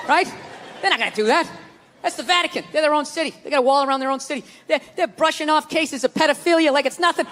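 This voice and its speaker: A man doing stand-up comedy, ranting loudly with lots of swearing and mock voices. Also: very high voice, fast talker. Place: theater stage with live audience. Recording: live audience laughter and stage noise.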